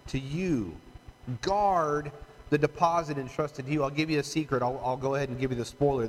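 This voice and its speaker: A man preaching a conversational, emphatic sermon as pastor, often asking his listeners "right?". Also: on the high side. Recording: long hall reverb, faint room noise.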